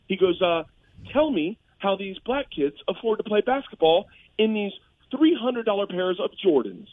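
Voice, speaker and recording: A middle-aged man, a comedian, tells animated stories on a radio show, laughing and jumping high when he quotes people. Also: normal speed, no echo, narrow, tinny audio. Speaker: comedian guest.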